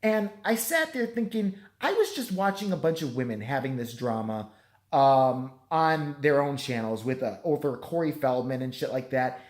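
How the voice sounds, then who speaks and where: Hoarse man rambling with a lively pitch. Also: moderate pace. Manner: profane, rambling, self-deprecating. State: voice strained from yelling. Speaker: vlogger. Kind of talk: rambling apology vlog.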